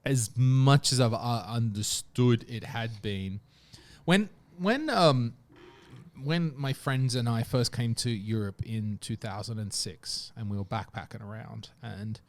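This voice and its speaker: A middle-aged Australian man hosting a podcast, telling casual stories with lively asides. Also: medium pitch, measured pace. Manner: animated anecdotal storytelling. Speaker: podcast host. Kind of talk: casual chat.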